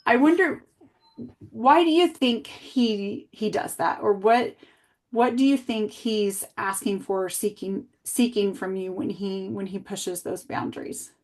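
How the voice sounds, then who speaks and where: A woman working as an early childhood coach, reflecting back and asking gentle guiding questions in a coaching conversation. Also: mid-range voice, measured pace.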